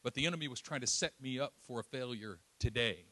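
A man from East Oakland preaching a sermon, telling a personal story with lively acted-out quotes and self-deprecating asides. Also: medium pitch, fast talker, no echo. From East Oakland, California. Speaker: pastor.

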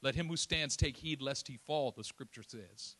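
A man from East Oakland preaching a sermon, telling a personal story with lively acted-out quotes and self-deprecating asides. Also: mid-range voice, moderate pace, dry recording. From East Oakland, California. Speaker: pastor.

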